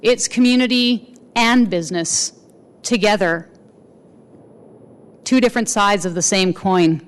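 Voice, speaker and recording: A woman delivering a formal civic speech in an earnest, measured way. Her voice is smooth and clear, and her pitch sits in a middle range. She pauses between phrases like someone speaking from a podium. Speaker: mayor giving an inaugural address.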